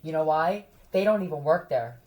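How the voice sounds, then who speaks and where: A woman's voice: deep voice, lively intonation, moderate pace, darkish tone. A woman chatting casually with her viewers, blunt and profane, often breaking into laughter. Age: adult who has a son.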